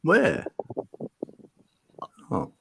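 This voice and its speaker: A man's voice: drawn-out words, pushed and bright, a little hiss or hum. A laid-back man co-hosting a live stream chat, laughing a lot. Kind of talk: casual chat.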